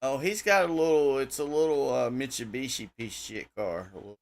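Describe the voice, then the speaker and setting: A man's voice: mid-range voice, brisk, vocal fry, no echo. A man co-hosting a casual gossip chat, laid-back and often chiming in with agreement. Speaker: co-host.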